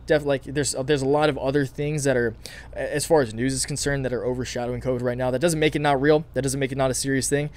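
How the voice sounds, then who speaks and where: Fast-talking man with a scratchy throat. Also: medium pitch, a little mellow. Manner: fast, filler-heavy, enthusiastic talk with many restarts. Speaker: stock market channel host. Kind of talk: casual market analysis to viewers.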